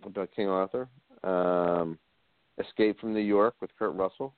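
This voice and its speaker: A man's voice: low-pitched, fairly even intonation, unhurried, smooth, no room sound. A man hosting a casual radio chat, easygoing, agreeing often and tossing in playful asides. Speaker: host. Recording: tinny phone-like line, dry.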